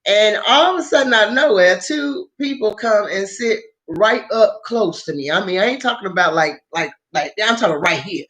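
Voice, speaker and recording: Woman vlogger telling a crazy story, animated and cussing a lot. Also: medium pitch, moderate pace, hardly any pauses. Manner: animated, profane, laughs often. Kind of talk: casual storytelling.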